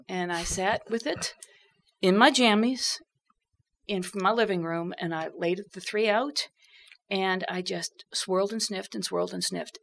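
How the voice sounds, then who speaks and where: A woman speaks as a guest on a talk show, with a lively, chatty manner and an easy storytelling flow. Her pitch sits in an ordinary middle range for a woman. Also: vocal fry. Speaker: guest, bourbon expert. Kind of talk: casual radio chat.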